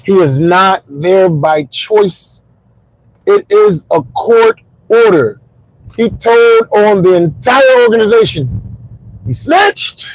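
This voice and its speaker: A man in his forties, a comedian hosting his podcast, telling jokes in a stand-up storytelling monologue with punchy, shouted punchlines, recorded in his car on the drive home. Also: sits high, expressive, slow, no echo, poor audio. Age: 40s.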